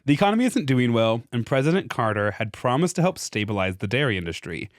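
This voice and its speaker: A man's voice: medium pitch, very animated, quick pace, heavy background noise. A young man with a Midwestern accent, explaining a history topic in a loose, casual podcast chat, peppered with "like" and casual swearing. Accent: Midwestern American. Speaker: podcast host presenting research.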